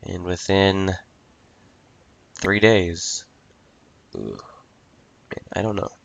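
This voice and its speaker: A man's voice: low-pitched, very animated, drawn-out words, gravelly, dry recording. A young man in his late teens ranting casually into a microphone as host of his own podcast, exasperated and swearing freely. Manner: repeats "I tell you what" and "ridiculous". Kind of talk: casual solo podcast rant. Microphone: talking into a microphone.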